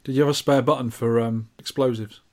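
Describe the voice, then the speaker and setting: A man's voice: mid-range voice, brisk. A man co-hosting a retro gaming podcast, reading out listener messages and trading dry, teasing remarks. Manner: dry, teasing, deadpan asides. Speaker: podcast co-host. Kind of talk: casual chat, reading listener mail.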